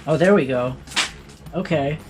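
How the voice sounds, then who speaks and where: Host, male, slightly high voice, jokey running commentary over background music. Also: unhurried. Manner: playful, self-amused, talks to himself while working. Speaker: art tutorial host. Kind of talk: casual hands-on tutorial with joking asides.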